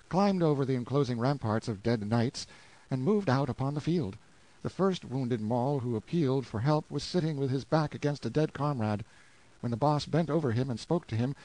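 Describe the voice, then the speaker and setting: A man reading a novel aloud in a measured, solemn way. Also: medium pitch, darkish tone, rough recording. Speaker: audiobook reader. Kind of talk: scripted novel narration.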